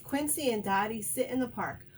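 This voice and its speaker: A woman teacher reading a picture book aloud to young children, speaking slowly, clearly and encouragingly. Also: on the high side, distant mic, slight background noise.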